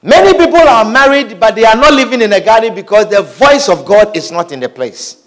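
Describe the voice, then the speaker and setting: A male preacher with a high, lively voice delivers a sermon. He reads scripture aloud and repeats his phrases for emphasis. He often stops to ask the congregation questions. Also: brisk.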